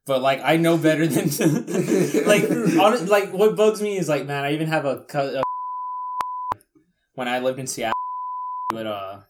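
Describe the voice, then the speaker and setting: A man's voice: on the high side, lively intonation, normal speed, pauses often, background noise. A man in his twenties in casual podcast chat, ranting bluntly and swearing often.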